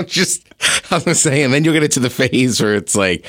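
A man co-hosting a podcast in casual chat, laughing often and dropping low when quoting people. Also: very animated, brisk, fairly bright tone. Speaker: podcast co-host.

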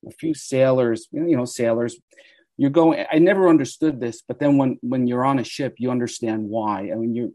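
A man in his sixties from the United States, a guest telling animated stories in an interview. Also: medium pitch, moderate pace, no room sound. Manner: animated storyteller who acts out quoted voices. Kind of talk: storytelling interview.

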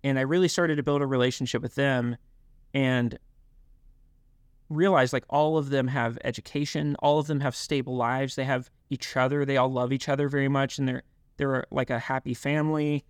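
A young man telling his life story in an interview, halting, with many fillers and restarts. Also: medium pitch, fairly even intonation, clear, resonant tone, no echo, studio quality. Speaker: guest. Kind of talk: reflective interview talk.

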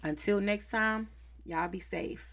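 A woman's voice: medium pitch, takes it slowly, heavy background noise. Chatty Southern woman podcast host. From North Carolina, US. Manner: chatty, easygoing, slangy. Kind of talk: casual podcast chat.

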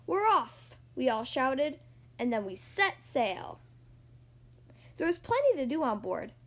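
Lively woman reading a storybook aloud. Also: high-pitched, unhurried. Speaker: storybook reader. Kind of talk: storybook read-aloud narration.

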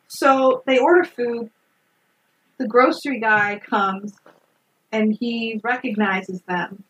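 A woman's voice: on the high side, slow pace, pauses often, a bit bright, recorded from a distance, poor audio. A woman co-hosting a casual podcast, retelling a film plot in a chatty way, laughing and acting out the characters' lines. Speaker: podcast co-host recapping a film. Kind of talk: casual chat.

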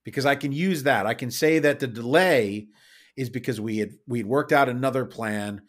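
A man's voice: medium pitch, normal speed. A man playing a tabletop role-playing game, laying out plans in a matter-of-fact way. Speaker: player.

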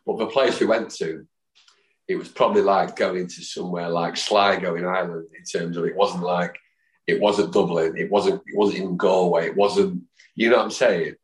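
A man in his fifties with a low, deep voice, spinning rambling anecdotes as a podcast guest. He jumps into the voices of the people in his stories. The room adds a noticeable echo. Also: fairly even intonation, moderate pace. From Manchester, England. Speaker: podcast guest, football fan. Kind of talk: anecdotal storytelling. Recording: roomy echo.

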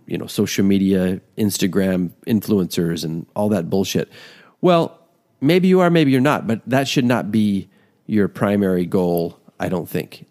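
Man talking in a put-on very low voice. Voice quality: put-on extra-low, quiet voice. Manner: rambling, conversational, encouraging. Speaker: podcast host. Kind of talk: casual talk.

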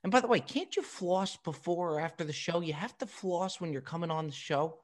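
Teasing, energetic male podcast host. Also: fairly high pitch, brisk. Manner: teasing, hyped, ribbing his guest. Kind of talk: casual chat.

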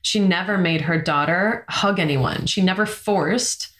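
A woman's voice: on the low side, a little slow, echoey room, background noise. A woman talking earnestly and reflectively in casual podcast chat, often laughing. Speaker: parent and co-host.

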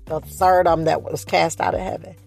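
Lady preacher, gravelly voice, quick then slow, faint music behind. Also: fairly low pitch, level tone, a little mellow. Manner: preaching with shifting pace, rising emphasis and repeated phrases. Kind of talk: sermon.

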